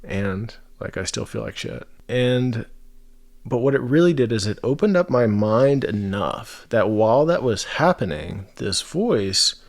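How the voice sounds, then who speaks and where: A man's voice: mid-range voice, lively intonation, measured pace, gravelly. A man in his thirties, a podcast guest, telling his personal story in an earnest, emotional way, with lots of fillers and restarts. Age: 30s.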